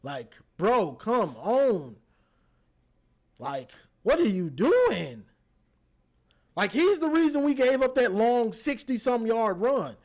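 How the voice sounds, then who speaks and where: A man giving a casual football game recap, animated, talking straight to the players and repeating his words. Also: very high voice, takes it slowly. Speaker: football fan reviewing a game.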